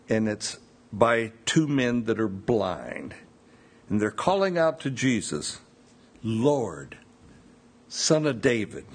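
A man preaching from the pulpit, moving slowly through scripture with informal asides. His voice is slightly husky and his pitch rises and falls in a lively way as he tells the story. He takes his time over each phrase. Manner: unhurried, expressive preaching with asides. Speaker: pastor. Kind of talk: sermon with scripture reading.

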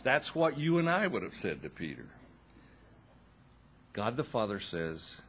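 A man delivering a sermon in an unhurried, deliberate way, letting his pitch rise and fall widely. His voice has a husky edge, and he drops in wry, dry asides between points. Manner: slow, expressive preaching with dramatic pauses and wry asides. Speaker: preacher.

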